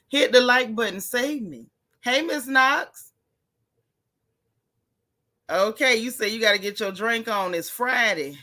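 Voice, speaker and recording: A woman's voice: mid-range voice, pushed and bright. A middle-aged woman hosting a casual livestream, chatting and greeting viewers by name with easygoing slang. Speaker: livestream host.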